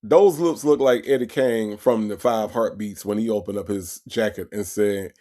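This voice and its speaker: A man hosting a casual livestream, reacting with animated, profane commentary and talking straight to his chat, often repeating himself. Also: on the low side, moderate pace.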